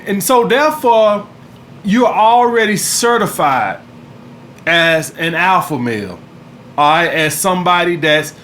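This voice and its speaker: A man's voice: high-pitched, a bit bright, slight background noise. A man hosting a dating advice vlog, talking casually in a blunt, profane way and calling his viewers "guys" again and again. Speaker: dating advice channel host.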